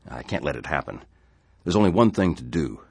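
A man's voice: a bass voice, very animated, brisk, darkish tone, breathy edge, no echo, full character voice. A man voicing a frightened settler who talks urgently and pleads with others. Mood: alarmed. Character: anxious male settler, frantic and fearful.

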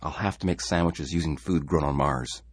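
A man voicing a worried, caring wife in a gentle, pleading manner. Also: rumbling low, moderate pace, breathy edge, no echo.

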